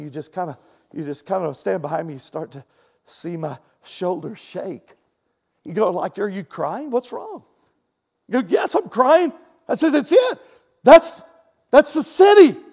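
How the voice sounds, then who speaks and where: A man delivers a sermon as a vivid, drawn-out story, dropping to a hush and then rising to loud exclamations. His voice sits high for a man and carries a gravelly, fry-laced edge. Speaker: pastor.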